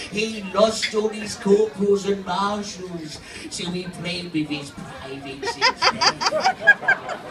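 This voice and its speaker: A man doing a slow, giggly puppet hippo. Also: high-pitched, huge pitch swings, pitched below the performer's own voice, heavily acted. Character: gentle slow-talking male pink hippo puppet. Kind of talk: comic impression in live stand-up. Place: holiday park stage, live audience. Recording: echoey room, from far off, crowd.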